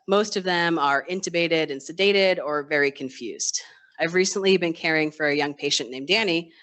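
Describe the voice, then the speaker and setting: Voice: medium pitch, a bit bright. An ICU nurse telling a true personal story on stage in a conversational way, with dry self-deprecating humor and acted-out snippets of colleagues and patients. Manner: acts out quoted voices of others. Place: live storytelling stage event.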